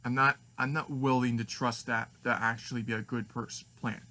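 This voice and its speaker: A man voicing a cagey male villain in a plain, measured way. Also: mid-range voice, fairly even intonation, sharp tone, natural voice. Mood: scheming.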